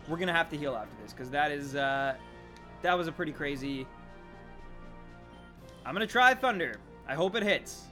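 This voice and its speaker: A man streaming a video game live, commenting excitedly on his moves and chatting with viewers. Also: fairly high pitch.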